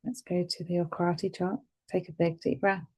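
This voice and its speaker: A woman guiding a tapping session, speaking calmly and gently and repeating phrases for the listener to say back. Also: fairly low pitch, moderate pace. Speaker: EFT tapping guide.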